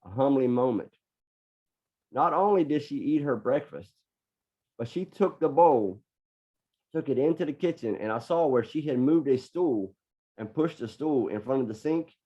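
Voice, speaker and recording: Speaking at an ordinary pace with long pauses, this middle-aged podcast guest has a mellow, animated, mid-range voice. His personal story comes across as earnest, and he frequently repeats words as he collects his thoughts, all captured in dull, lo-fi podcast sound.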